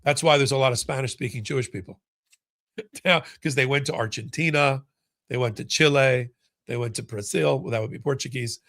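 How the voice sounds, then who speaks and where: A male host chats casually through a live stream, reading out viewer comments. His voice has a gravelly texture at a middle pitch. The sound is close and dry. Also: fairly quick, a bit bright, dry recording. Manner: conversational, reads viewer comments aloud, many restarts.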